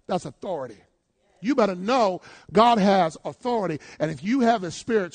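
A man preaching a sermon, calling out to his congregation and swinging between loud declarations and hushed asides. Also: high-pitched, expressive, moderate pace.

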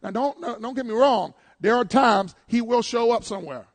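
A man preaching a sermon, calling out to his congregation and swinging between loud declarations and hushed asides. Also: very high-pitched, normal speed.

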